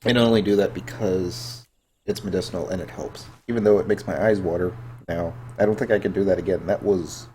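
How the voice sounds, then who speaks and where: Low-voiced man streaming a game, sick. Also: fairly even intonation, brisk, darkish tone, a little hiss or hum. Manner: chatty, joking, reads and answers chat. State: sick with a head cold. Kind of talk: casual gameplay chat.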